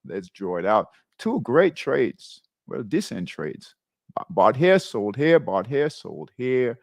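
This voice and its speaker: A male trading host talks slowly, with a gravelly edge. His pitch moves in a lively way as he points out chart setups and checks in with viewers. The recording is dry and close. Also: dry recording. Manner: repeats tags like "right?" and "okay?" while pointing at charts. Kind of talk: live chart walkthrough.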